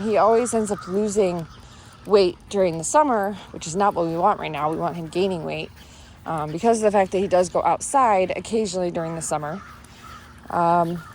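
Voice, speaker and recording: A woman's voice: mid-range voice, darkish tone, slight background noise. A woman telling a story in a casual vlog while walking her dog outdoors, chatting and breaking off to talk to the dog. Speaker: vlogger.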